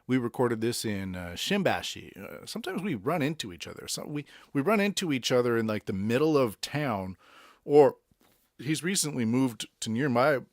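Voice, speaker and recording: A man's voice: mid-range voice, big pitch swings, normal speed, no echo, clean studio sound. Rambling Boston man hosting a podcast. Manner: rambling, chatty, with many uh fillers and self-corrections. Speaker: podcast host. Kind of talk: casual solo podcast chat introducing songs. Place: Tokyo.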